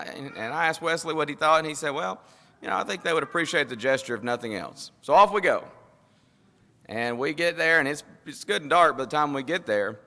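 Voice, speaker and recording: Folksy Southern preacher in a reverberant hall. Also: male voice, fairly high pitch, sharp tone. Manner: folksy, rambling, laughs while telling stories. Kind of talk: sermon with storytelling. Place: church sanctuary. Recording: long reverb of a church hall.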